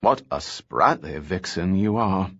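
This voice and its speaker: A man's voice: low-pitched, animated, unhurried, a bit bright, breathy edge, lo-fi sound, exaggerated voice. A man voicing a cold, self-satisfied male villain who speaks in a languid, mannered way. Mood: menacing.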